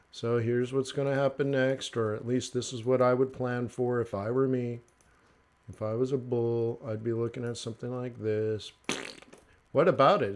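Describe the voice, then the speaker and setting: A man hosting a casual forex trading live stream, talking through charts in a joking, animated way. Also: mid-range voice. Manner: chatty, joking, animated asides with mock voices.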